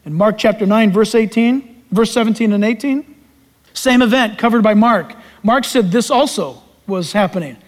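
A man's voice: high-pitched, moderate pace. A male pastor preaching a sermon in a folksy, emphatic way with homespun asides. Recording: long hall reverb.

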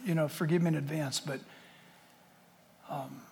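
A man's voice: fairly high pitch, steady tone, normal speed, creaky, a little mellow. A man pastor preaching a sermon in a church sanctuary, impassioned and jokey, firing off rhetorical questions. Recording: long church hall reverb.

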